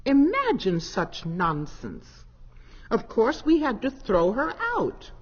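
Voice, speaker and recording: A chatty mother cat who is quick to get excited, as a woman puts her on in a storybook tale. Her voice jumps high and low. The old record sounds dull and roomy. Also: breathy edge, full character voice. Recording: dull old LP with long reverb.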